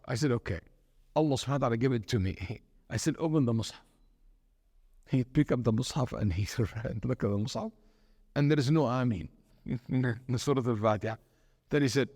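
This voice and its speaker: A man gives a sermon in a mosque hall, where a long reverb trails after his words. He tells his anecdotes with animated energy and mixes Arabic terms and quotations into his talk. His voice sits at a middle pitch for a man. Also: a little fast. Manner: animated storyteller mixing in Arabic terms and quotes. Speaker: imam and teacher. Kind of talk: sermon lecture with storytelling.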